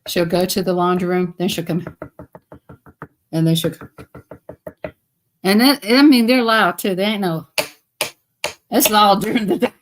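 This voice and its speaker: A woman's voice: medium pitch, measured pace, pauses often, slight background noise. Chatty Southern woman telling stories live. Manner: chatty storyteller, laughs often, talks straight to viewers. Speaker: live stream host. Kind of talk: casual live-stream chat.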